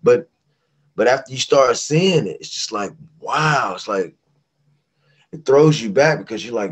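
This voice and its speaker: A man's voice: mid-range voice, a little slow, long pauses, husky. A middle-aged man from West Virginia, a singer telling stories as a guest in a casual interview and acting out the voices he quotes. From West Virginia, USA. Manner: animated, acts out quoted voices.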